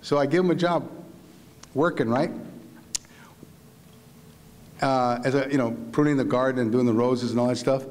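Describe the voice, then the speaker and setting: A man, a visiting writer, telling a story to a live audience in a university lecture hall, animated and full of restarts. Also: medium pitch, brisk. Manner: vivid, animated retelling with repeated restarts.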